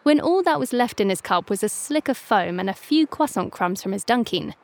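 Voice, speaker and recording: A woman narrating a children's story in a playful, lively reading voice. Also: medium pitch, a little fast, vocal fry.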